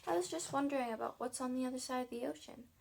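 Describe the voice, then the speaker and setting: Young boy, curious and earnest, full of wonder, voiced by a woman reader. Husky, slightly high. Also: fast, darkish tone.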